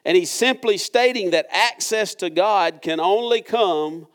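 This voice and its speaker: Speaking at a measured pace in a high-pitched voice, this pastor reads from scripture as part of a church sermon. Along the way, he asks the congregation questions that are earnest and conversational.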